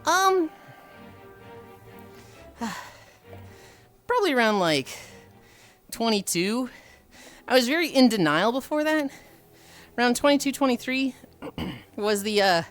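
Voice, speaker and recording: A man's voice: extremely high pitch, slow pace, pauses often. A man in his late twenties, a streamer swearing freely as he tells stories to his chat. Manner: profane, animated, acts out voices in quotes. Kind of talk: casual storytelling to chat. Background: faint music.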